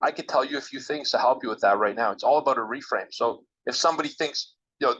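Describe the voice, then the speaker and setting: A man's voice: medium pitch, fast, fairly bright tone, husky. An emphatic man speaks as a guest in an interview, coaching the audience directly in a mid-range voice. The recording sounds a bit dull and lo-fi. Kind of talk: motivational advice in a podcast interview.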